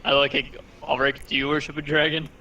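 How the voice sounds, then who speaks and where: A man's voice: fairly high pitch, little pitch movement, fast, sharp tone, far from the mic, slight background noise, low-quality recording. A man playing a tabletop game, dry and playful in his remarks. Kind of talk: casual in-character play.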